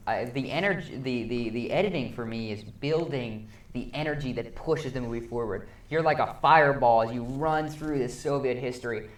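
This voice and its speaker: A teenage student film reviewer chatting about a movie, gushing and acting out scenes as he goes. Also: mid-range voice. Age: teens. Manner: excitable, gushing, acts out scenes. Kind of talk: casual film review chat. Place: school studio room. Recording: echoey room.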